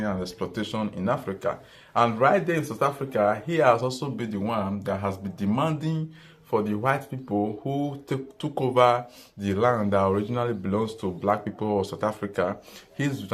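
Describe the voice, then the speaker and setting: A man giving an earnest, repetitive political commentary monologue, often restarting his sentences. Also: fairly low pitch. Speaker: vlogger.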